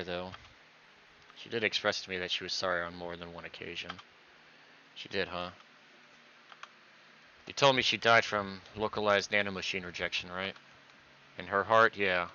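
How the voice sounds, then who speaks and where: A man's voice: low-pitched, bright, forceful tone, a little hiss or hum. A man reading visual novel dialogue aloud, voicing every character himself and acting out the stammers. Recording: dull lo-fi recording.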